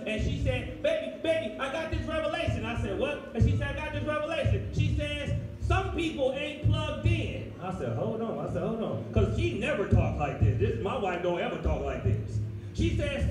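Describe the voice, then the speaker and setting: A man preaching a folksy, animated sermon as pastor. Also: high-pitched. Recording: echoey room, far from the mic, music behind.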